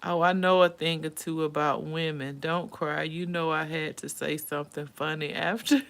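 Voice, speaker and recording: A woman's voice: deep voice, fairly even intonation, moderate pace, vocal fry, fairly bright tone. A woman hosting a casual livestream chat, calling her viewers sis and honey and saying she keeps pressing on though she is tired. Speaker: livestream host. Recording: roomy room sound, faint background noise.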